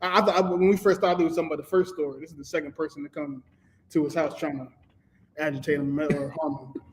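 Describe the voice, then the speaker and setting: A man's voice: on the high side, steady tone, quick pace. Male panelist, self-correcting storyteller; light hiss underneath. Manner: rambling, corrects himself, breaks into laughter. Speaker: show panelist. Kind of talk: casual storytelling.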